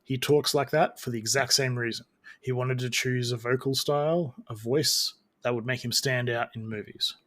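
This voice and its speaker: Here a man co-hosts a podcast in a loose, casual chat, wandering off with frequent fillers and restarts. His voice is mid-range and steady, fairly bright, at a normal speed.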